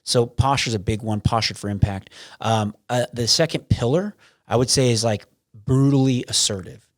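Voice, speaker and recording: A man's voice: medium pitch, normal speed, no room sound. Guy on a podcast, blunt and rambly, cusses a bit, dry close sound. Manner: blunt, swears, many restarts. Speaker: podcast guest. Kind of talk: casual interview.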